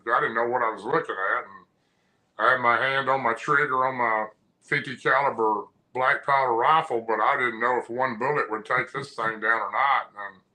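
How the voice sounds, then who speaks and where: A man's voice: medium pitch, bright, forceful tone, rough recording. A man, a guest on an interview, telling a personal story in a rambling, folksy way with frequent restarts. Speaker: guest recounting an encounter. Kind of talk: casual storytelling.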